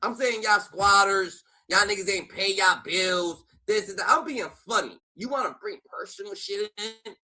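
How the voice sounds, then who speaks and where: A man streaming commentary on a rap feud, loud and swearing, shouting often and repeating catchphrases. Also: high-pitched, moderate pace.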